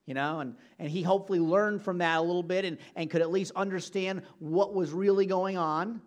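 A man's voice: sits high, steady tone, brisk, few pauses. A man preaching a sermon, speaking earnestly and directly to his congregation. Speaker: pastor.

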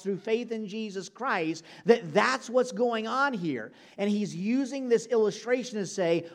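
A man preaching a sermon, speaking earnestly and directly to his congregation. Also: high voice. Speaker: pastor.

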